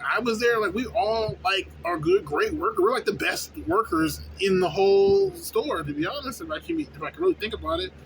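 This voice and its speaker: A young man who works at a fast-food place, venting in a casual, profane, rambling way and often asking "you know what I'm saying?". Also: sits high, gravelly. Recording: noisy background with vehicle sounds.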